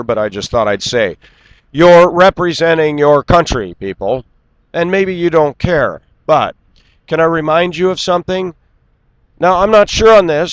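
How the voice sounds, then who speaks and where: A man's voice: a little high, clear, resonant tone, no room sound, low-quality recording. An American man ranting bluntly and scornfully in a vlog monologue, speaking outdoors on a city street. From United States. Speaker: vlogger.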